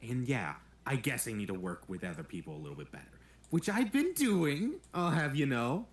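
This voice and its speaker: A man's voice: medium pitch, sing-song, moderate pace, close to an everyday voice. Brash defensive young ranger, a man playing him. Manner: defensive, sarcastic, swears. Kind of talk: in-character tabletop role-play. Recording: roomy echo.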